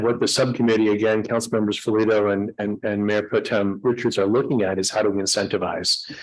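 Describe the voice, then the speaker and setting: Low-ish guy giving a council meeting update, lots of ums and restarts. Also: low-quality recording. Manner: halting, filler-heavy, restarts. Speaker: city staff presenter. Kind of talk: public meeting presentation.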